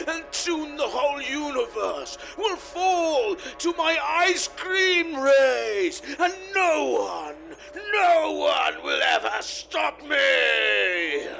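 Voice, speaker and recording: A grandiose ice villain from a cheap children's TV show who bellows his threats in a very high, slow voice. He shouts in a theatrical, melodramatic way, with faint music behind him. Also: creaky, full character voice. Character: gloating male ice villain from a kids' TV show.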